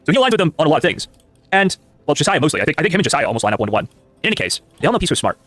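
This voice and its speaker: A man's voice: on the high side, very animated, very fast, a bit bright, no room sound. A man on a live stream ranting in exasperation, piling on complaints. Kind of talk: casual live-stream banter.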